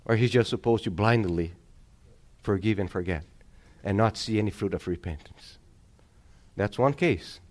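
A man's voice: lowish voice, normal speed, darkish tone. A male pastor delivering a sermon, preaching emphatically and calling on the congregation for amens.

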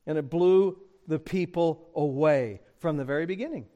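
A pastor delivers an expository sermon, speaking straight to his congregation in a mellow voice at a normal pace. For emphasis, he lets his pitch and volume climb.

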